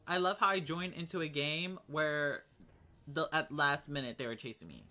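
A young adult gaming vlogger chats casually while playing, his mid-range voice pushed and bright at a moderate pace. His commentary is full of slang, gasps and dramatic exclamations.

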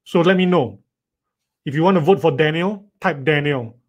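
A man's voice: fairly high pitch, moderate pace. A man teaching a live online writing lesson, reading students' sentences aloud and teasing them playfully. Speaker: writing tutor.

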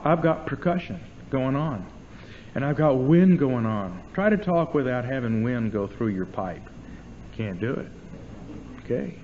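A man's voice: mid-range voice, a little hiss or hum. Demonstrative male lecturer, muffled recording. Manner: lively, demonstrative, asks the audience questions. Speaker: lecturer on theology. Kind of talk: informal lecture to an audience.

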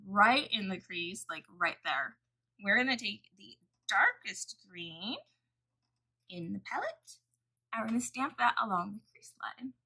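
Bright, husky-voiced chatty woman. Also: mid-range voice, expressive, a little slow, poor audio. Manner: chatty, profane storytelling. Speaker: makeup vlogger. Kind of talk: casual makeup tutorial chat.

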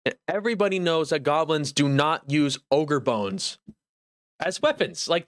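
A man's voice: on the high side, expressive, a little slow, no room sound, clean studio sound. A young man streaming live from home, ranting in mock outrage with lots of exasperation.

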